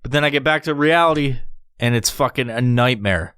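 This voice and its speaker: A man hosting a solo podcast, rambling through a story with constant swearing and lively mimicry. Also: mid-range voice, brisk, clear, resonant tone, dry recording, clean studio sound. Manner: profane, rambling, animated storytelling. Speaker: podcast host.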